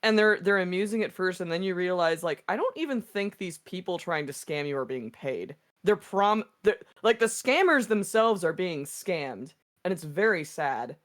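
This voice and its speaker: Woman, casual stream chat, animated storytelling, lowish voice, very lively pitch. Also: moderate pace, hardly any pauses. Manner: animated storytelling, many likes and restarts.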